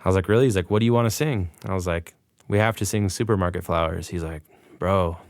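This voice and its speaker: A man's voice: low-pitched, fast, no echo, studio quality. A man on a podcast, animatedly recounting a story and acting out the dialogue. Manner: excited, animated retelling with quoted dialogue. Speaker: podcast guest. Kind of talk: casual storytelling.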